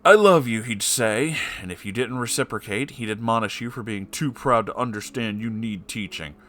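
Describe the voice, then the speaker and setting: Guy reading a story out loud, keeps stopping to cuss and vent, lowish voice. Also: moderate pace. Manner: breaks off to swear and react angrily. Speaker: story reader. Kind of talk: reading a story aloud with reactions.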